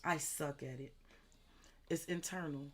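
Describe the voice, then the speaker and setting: A woman's voice: low voice, steady tone, measured pace. A woman doing a live tarot reading, speaking emphatically and repetitively straight to her viewers, with frequent swearing, and greeting chat viewers by name. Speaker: tarot reader.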